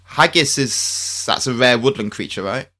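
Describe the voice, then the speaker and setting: Male co-host, bright and forceful, nervous giggly delivery. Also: medium pitch, expressive, moderate pace. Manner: nervous laughs, mock Scottish attempts. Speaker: podcast co-host. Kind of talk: scripted podcast banter.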